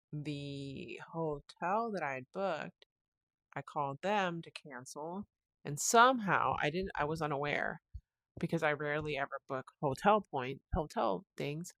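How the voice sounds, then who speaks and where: A woman's voice: deep voice, expressive, unhurried, fairly bright tone, no room sound. A woman hosting her own podcast, talking casually and telling a long story with many restarts. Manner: rambling, restarts sentences, retells phone calls. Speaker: podcast host. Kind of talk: casual solo podcast monologue.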